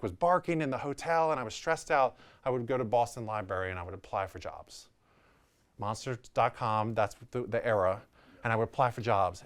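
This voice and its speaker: New orleans guy telling his story, lowish voice, real candid, does little voices for people. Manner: animated, candid, quotes people in their voices. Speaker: real estate agent. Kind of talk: personal storytelling.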